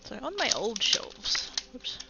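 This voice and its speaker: A woman's voice: on the high side, big pitch swings, slow pace, gravelly, lo-fi sound, heavy background noise. A woman chatting casually to her livestream chat while sorting craft supplies, self-mocking and rambling. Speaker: craft streamer.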